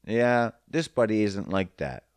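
A man's voice: lowish voice, expressive, measured pace, no echo. A man talking casually and crudely about fitness and diet, rambling and joking, acting out both sides of conversations. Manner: crude, rambling, joking, voices others in quotes. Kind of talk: casual profane monologue.

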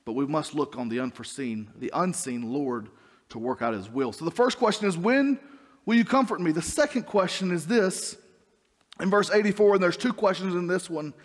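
A young man preaches in a high, light voice, pushing his questions upward with earnest emphasis. His words ring out with a long reverb from the church sanctuary. He slips in quick, offhand asides between points. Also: animated. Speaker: youth pastor. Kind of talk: sermon.

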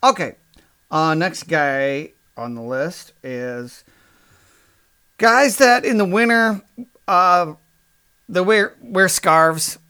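A man's voice: sits high, lively intonation, extremely slow, long pauses, pushed and bright, clean tone. A man hosting a podcast, ranting in a sarcastic, crude, exasperated comedic monologue. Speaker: podcast host.

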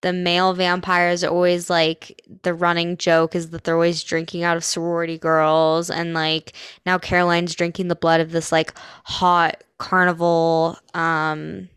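A young woman co-hosts a podcast and recaps an episode with sarcastic, opinionated asides. Her voice sounds smooth and a little low. The recording is dry and close. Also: monotone, measured pace, hardly any pauses, a bit bright, no room sound. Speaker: podcast co-host. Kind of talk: casual chat recapping a TV episode.

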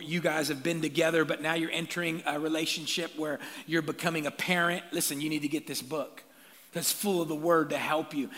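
A male pastor preaching a sermon with energy, calling out to the congregation for answers and building to shouts. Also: fairly high pitch. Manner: energetic call-and-response preaching, rising to shouts. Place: church sanctuary. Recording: long reverb of a large church hall.

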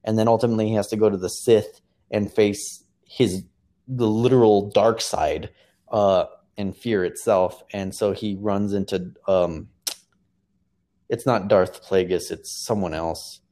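A man's voice: on the low side, fairly even intonation, measured pace, dark tone. A young man in casual chat, recapping a show in a rambling way, with many fillers and restarts.

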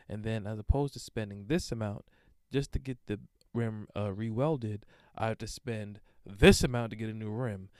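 A young man hosting a podcast, telling a story in a casual, profane monologue with lively swings into acted-out quotes. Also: on the low side, normal speed, smooth, dry recording, studio quality. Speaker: podcast host.

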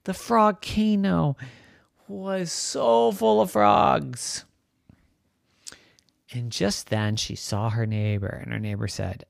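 A parent telling an improvised bedtime story in a playful, animated way, with sound effects and hushed asides. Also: medium pitch, slow pace, creaky, pauses often, no echo, studio quality.

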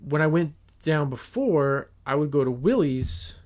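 A man's voice: on the high side, lively intonation, a little slow, darkish tone. A man hosting a podcast in casual chat, telling stories in a rambling way with restarts. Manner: rambling storyteller with many restarts. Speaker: podcast host.

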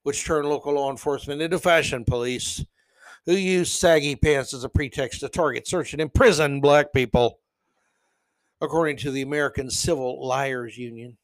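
A man's voice: mid-range voice, normal speed, no echo. A man hosting a solo podcast, reading news stories aloud and mocking them with sarcastic asides. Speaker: podcast host.

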